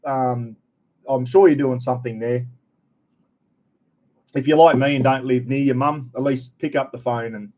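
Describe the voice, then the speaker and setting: A man's voice: mid-range voice, a little mellow. A middle-aged Australian man hosting a casual live stream, greeting viewers one by one with a friendly, chatty manner. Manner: chatty, friendly, lots of g'day mate.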